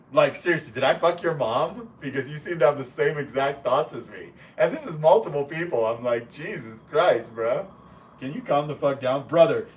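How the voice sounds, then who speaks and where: Recorded from a distance with a little hiss or hum, a man with a fairly high-pitched voice runs a casual live stream. He reads chat comments out loud and talks bluntly, swearing a lot and wandering into rambling asides.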